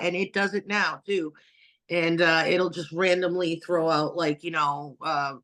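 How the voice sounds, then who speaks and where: A woman hosting a talk show over a video call, chatty and quick to laugh. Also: on the low side, fairly even intonation, fairly bright tone. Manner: chatty, laughs between stories. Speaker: host. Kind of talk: casual chat.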